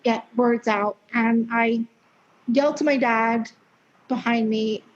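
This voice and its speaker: High-voiced young woman on a lo-fi podcast. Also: fairly even intonation, slow. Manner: chatty, frequent fillers, candid swearing. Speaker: podcast guest. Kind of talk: casual interview storytelling. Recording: dull lo-fi sound.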